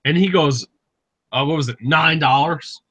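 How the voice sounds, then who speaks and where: A man's voice: a little high, moderate pace, a bit bright, breathy edge, rough recording. A man casually telling rambling, profane stories on an online group call, acting out the dialogue. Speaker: host.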